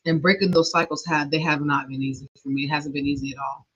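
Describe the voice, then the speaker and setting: A woman's voice: sits low, steady tone, fast, a bit bright, slightly rough. A middle-aged woman hosting a podcast, telling a personal story in an earnest, emotional way with nervous laughs, on a dull lo-fi recording. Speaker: podcast host. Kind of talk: personal monologue.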